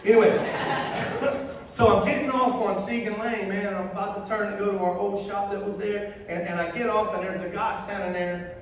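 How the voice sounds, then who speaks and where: A man preaching high-voiced, in an echoey hall. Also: steady tone, moderate pace. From Florida. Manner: conversational storytelling with humor. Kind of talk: sermon. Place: church sanctuary. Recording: echoey hall, voice far from mic, faint noise.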